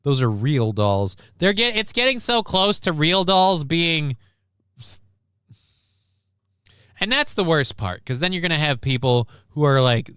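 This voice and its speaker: A man's voice: a little high, sing-song, a little slow, a bit bright, smooth, no room sound. A man hosting a casual live stream, rambling and wry with crude asides, reading out and thanking viewers. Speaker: stream host.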